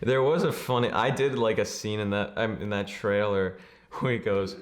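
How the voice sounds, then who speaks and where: A man's voice: lowish voice, steady tone, moderate pace, crowd noise. A man co-hosting a podcast, reviewing a film in casual, rambling chat and laughing often. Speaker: podcast co-host.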